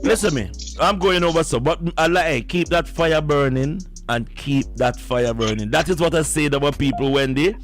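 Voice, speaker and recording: A man's voice: a little high, normal speed, hardly any pauses, soft background music. A man hosting an impassioned call-in radio show, preachy and fervent, often repeating words as he gets worked up.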